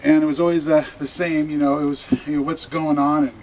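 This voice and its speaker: A man's voice: a little high, little pitch movement, fast, a little mellow, a little hiss or hum, poor audio. Rambling man giving a eulogy. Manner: rambling, anecdotal, many fillers. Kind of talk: memorial speech. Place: funeral gathering room.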